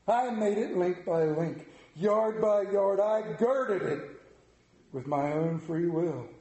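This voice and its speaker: A man's voice: sits high, animated, takes it slowly, dark tone. Tormented chain-rattling ghost guy, a man reading it aloud, big declaiming voice, roomy echo. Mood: grave. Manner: grave, declaiming. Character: tormented male ghost of a dead businessman in chains.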